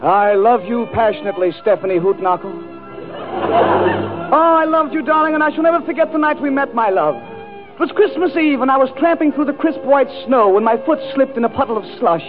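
A man's voice: extremely high pitch, expressive, fairly quick, music in the background, crowd noise. A man performing a 1940s radio comedy monologue, declaiming in an overwrought mock-romantic way. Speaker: comedy show regular. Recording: tinny old radio broadcast. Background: orchestra and studio audience.

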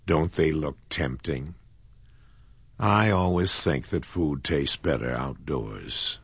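Brief: male narrator as a neat, prim young woman, husky, storybook. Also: very deep voice, lively intonation, slow pace, no echo, dull audio, exaggerated voice. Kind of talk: audiobook character voice.

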